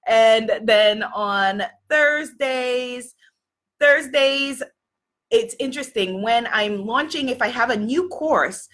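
A woman's voice: on the high side, slow pace, a bit bright. A woman business coach chatting casually to her audience, rambling with many fillers and restarts.

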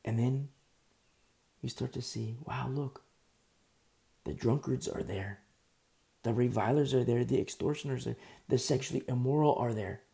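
A man preaching a sermon, retelling scripture as a lively, conversational story with asides to his listeners. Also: medium pitch, moderate pace, vocal fry, long pauses.

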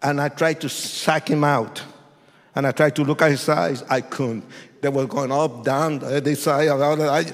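A man telling his testimony like a sermon, acting out voices and rising to shouts. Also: fairly high pitch, normal speed. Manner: animated, acts out voices, swings to shouts. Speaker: testimony speaker. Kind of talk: preached testimony storytelling. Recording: long hall reverb.

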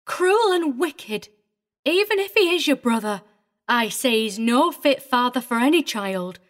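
A woman's voice: fairly high pitch, expressive, a little slow, a bit bright. Woman playing Miss Paul, a prim tearful governess. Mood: vehement, tearful. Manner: prim and agitated, voice wavering. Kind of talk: dramatized audiobook reading.

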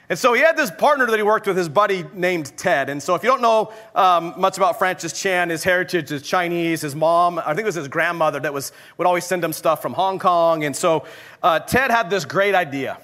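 A young adult male pastor telling a story in a sermon, animated and often laughing at his own anecdote. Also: high voice, a little fast.

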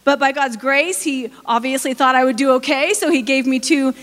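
A woman's voice: high-pitched, steady tone, moderate pace, fairly bright tone. A woman in her forties preaching a sermon, telling personal stories with humor and speaking directly to the congregation. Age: 40s. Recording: long hall reverb.

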